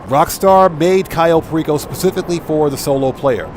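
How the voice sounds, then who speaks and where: A man's voice: on the high side, moderate pace, slight background noise. A man hosting a casual gaming live stream, chatting with viewers, thanking them by name and reading out their messages. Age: adult with a wife and child.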